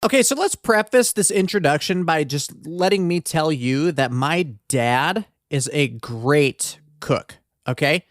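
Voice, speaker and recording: A man's voice: a little high, animated, measured pace, dry recording, clean studio sound. A man hosting a casual comedic true-crime podcast, rambling and swearing through joking asides into a desk mic. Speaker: podcast host.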